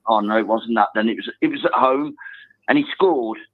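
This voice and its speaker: A man calling a football phone-in, telling a story excitedly and swearing now and then. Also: on the low side, brisk, no room sound. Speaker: caller. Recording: tinny phone line.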